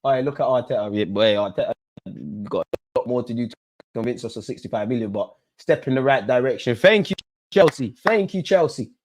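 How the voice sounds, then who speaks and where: A young man hosting a live football watch-along, swinging between low muttering and yelling at the referee. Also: fairly even intonation, fairly quick. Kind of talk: live match reaction.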